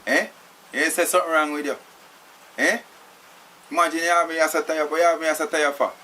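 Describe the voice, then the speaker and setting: A man's voice: fairly high pitch, fairly even intonation, brisk, pushed and bright, a little hiss or hum. An actor with a Jamaican accent playing a tied-up young man who insistently demands to be let go, tagging "you know" onto his lines. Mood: mocking. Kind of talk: acted film drama.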